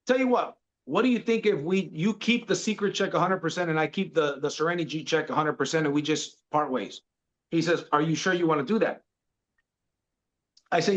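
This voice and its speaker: This podcast guest, a man in his forties, relaxes into casual storytelling about his career, throwing in bro as he talks to the listener. His voice is on the high side and a little bright, captured in dull lo-fi sound.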